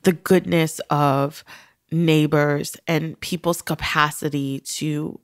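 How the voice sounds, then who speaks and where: Laughing storyteller woman, low voice. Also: steady tone, slow pace, no echo, clean studio sound. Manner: warm storytelling, laughs often between phrases. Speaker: podcast guest; mother of young children. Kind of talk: conversational interview.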